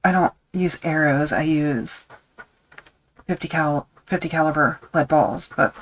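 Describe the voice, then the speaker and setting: A woman with a low voice talks loosely as she works on a leather project during a live stream. She thinks aloud, wanders off on tangents and makes light fun of herself. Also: a little slow, poor audio. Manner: rambling, self-deprecating, thinks aloud with fillers. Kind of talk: casual chat while crafting on a live stream.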